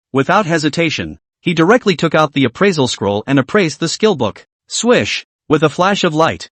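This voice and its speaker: A man's voice: fairly high pitch, dry recording. A man narrating a comic recap in a scripted style, reading out stat lists in short clipped phrases.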